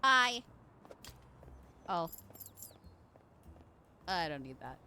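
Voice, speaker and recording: A woman's voice: fairly low pitch, big pitch swings, extremely slow, sharp tone, a little hiss or hum. A woman streaming a game live, chatting with her viewers and reacting as she plays. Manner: bubbly, chatty, reads chat aloud. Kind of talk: live gameplay commentary.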